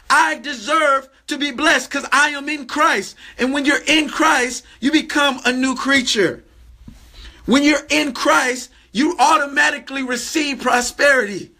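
A man's voice: very high-pitched, a little slow, pushed and bright. A man preaching a livestream sermon with a fervent, repetitive cadence.

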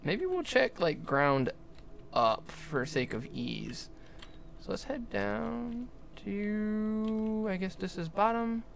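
A young adult livestreamer giving jokey, excitable commentary while playing, often talking to the game's characters. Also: medium pitch, takes it slowly, gravelly, a little hiss or hum. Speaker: gaming livestreamer. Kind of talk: live gameplay commentary.

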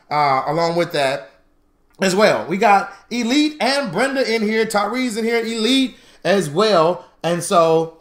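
Guy teaching a live credit class, high-ish voice, talks to y'all, acts out little quotes. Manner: animated, chatty, acts out mock quotes. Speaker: credit repair instructor.

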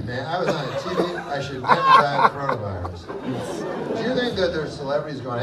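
An older man doing a live stand-up set, deadpan and rambling with lots of profanity. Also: mid-range voice, quick pace. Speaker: stand-up comedian. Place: live comedy venue with audience. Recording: echoey room from far off with loud crowd noise.

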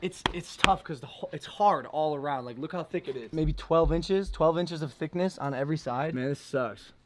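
A man in his twenties, vlogging in casual joking chat, loud and swaggering with sudden shouts. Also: on the high side, normal speed, slight background noise. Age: 20s.

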